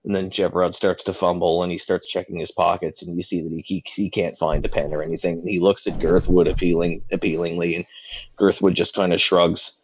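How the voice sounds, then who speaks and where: A man's voice: low-pitched, flat delivery, fairly quick, breathy edge, dry recording, muffled recording. A man narrating as game master of a tabletop game, casual and loose, full of fillers.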